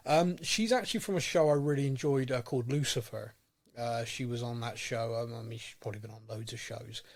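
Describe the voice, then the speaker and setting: A man's voice: mid-range voice, brisk. A sounding man co-hosting a podcast in casual chat, rambling and repeating words as he starts sentences. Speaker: podcast co-host.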